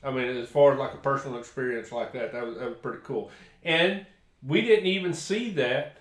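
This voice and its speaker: A man's voice: medium pitch, brisk. An older man with a Texan accent, rambling through a story in casual live-stream chat, with restarts and chuckles. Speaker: paranormal investigator co-host. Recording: echoey room.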